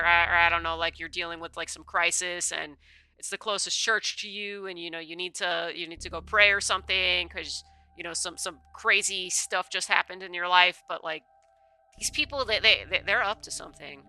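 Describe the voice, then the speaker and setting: A woman's voice: fairly low pitch, steady tone, brisk, pushed and bright, clear, resonant tone, no echo, faint music behind. A woman streamer who chats casually with rambling asides while reading a game's text aloud.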